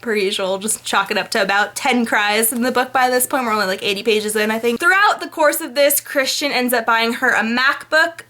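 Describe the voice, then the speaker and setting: A woman's voice: fairly high pitch, bright, forceful tone. A young woman vlogger giving a sarcastic, exasperated, chatty book summary.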